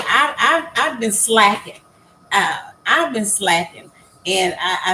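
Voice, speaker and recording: Slow, halting older woman vlogger. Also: medium pitch, a bit bright, rough recording. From United States. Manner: halting, many fillers and repeated words; earnest and heartfelt. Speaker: new YouTube content creator. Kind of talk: casual vlog talk to viewers. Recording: faint background noise.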